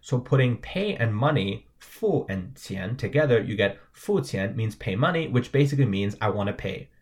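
Low-voiced man teaching vocabulary. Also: lively intonation, normal speed. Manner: patient, repeats "right?" often. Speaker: language teacher. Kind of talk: explaining vocabulary and tones.

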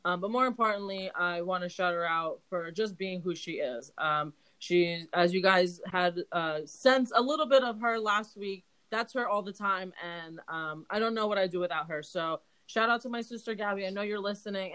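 A woman's voice: lowish voice, moderate pace, hardly any pauses, fairly bright tone, clear, resonant tone, low-quality recording. A young woman co-hosting a podcast in casual chat, laid-back and candid, with frequent "um"s. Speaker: podcast co-host.

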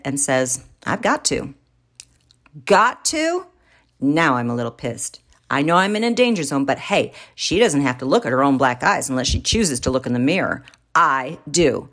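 Female narrator, low and very animated, wry and theatrical delivery. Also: moderate pace. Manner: wry, theatrical, big swings in pitch. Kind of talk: first-person story reading.

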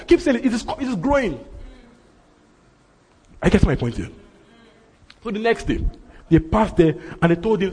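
A man's voice: high-pitched, big pitch swings, moderate pace, long pauses, a little mellow, slightly rough. A man preaching a sermon, emphatic and repeating his phrases for effect. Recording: reverberant hall.

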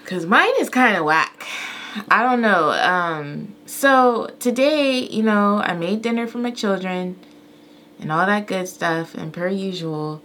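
A medium-pitched woman speaks slowly over slight background noise. She's a mother co-hosting a podcast, animatedly and candidly telling an everyday story and acting out the quoted lines.

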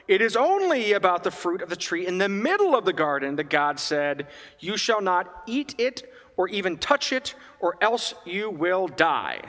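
A man's voice: sits high, very animated, moderate pace, fairly bright tone, long reverb tail. A man reading the part of an anxious, cautious young woman, earnest and emphatic.

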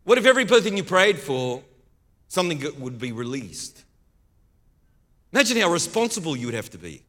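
A man with an Australian accent preaching as a guest pastor, playful and excitable, often laughing. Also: a little high, moderate pace. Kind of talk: lively sermon. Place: church hall. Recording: long hall reverb.

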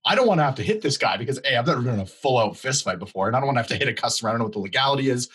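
A young man tells a story on a podcast. His voice is a little husky, and his pitch swings widely as he acts out what people said. He keeps it casual and chatty. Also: rapid-fire, poor audio. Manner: animated, acts out quotes. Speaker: podcast co-host.

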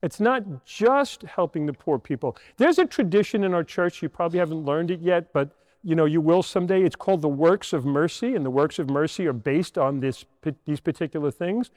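A priest in his sixties preaches to children in a high, lively voice that swings up and down. He tells a story and keeps asking rhetorical questions. His voice carries a long church reverb. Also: brisk, hardly any pauses. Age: 60s. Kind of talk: homily to children.

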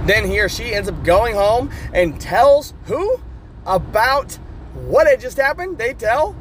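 A man's voice: very high voice, big pitch swings, unhurried, slight background noise. A male coach hosting a motivational talk, explaining ideas and acting out little quoted scenes. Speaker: coach and podcast host.

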